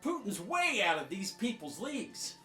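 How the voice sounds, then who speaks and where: A man's voice: high-pitched, sing-song, moderate pace, faint music behind. Sarcastic male commentator, echoey room. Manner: sarcastic, mocking, swinging loud to soft. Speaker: political commentator. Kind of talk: sarcastic commentary over clips.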